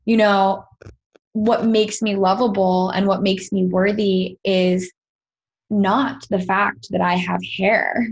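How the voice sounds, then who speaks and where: Breathy woman telling a heartfelt story. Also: medium pitch, slow, lo-fi sound. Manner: earnest, animated storytelling with quoted dialogue. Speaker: podcast guest, sound healer. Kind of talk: personal storytelling in an interview.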